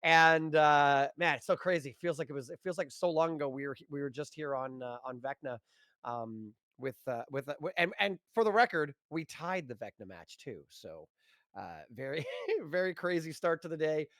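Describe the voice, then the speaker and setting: A man with a high voice co-casts a live esports match, rambling and stopping to restart his sentences, often laughing. He is recorded close and very dry, with no room sound at all. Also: expressive, moderate pace, fairly bright tone, dry recording. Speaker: esports co-caster.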